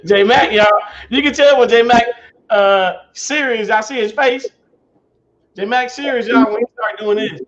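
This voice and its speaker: High-voiced guy running a chill livestream, aave, shouting out viewers, muffled lo-fi stream sound. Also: measured pace. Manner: loose, laughing, greets viewers by name. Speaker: livestream host. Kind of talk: casual livestream chat. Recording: dull lo-fi stream audio.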